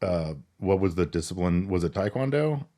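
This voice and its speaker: A man's voice: sits low, expressive, normal speed, mellow. Laid-back man recapping a movie. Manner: laid-back storyteller, crude jokes. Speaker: podcast co-host. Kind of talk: casual movie recap chat.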